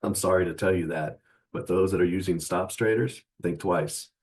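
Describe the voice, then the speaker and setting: Man, very low voice, scornful profane rant, laughs at his own jabs, lectures viewers as traders. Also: normal speed, darkish tone, poor audio. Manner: keeps calling the viewer traders. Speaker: trading channel host. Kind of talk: mocking motivational rant to the viewer.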